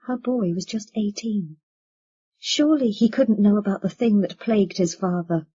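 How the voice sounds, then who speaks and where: A woman reads a novel aloud as an audiobook narrator, measured and expressive. Her voice is husky and of middle pitch. The recording sounds dull and lo-fi.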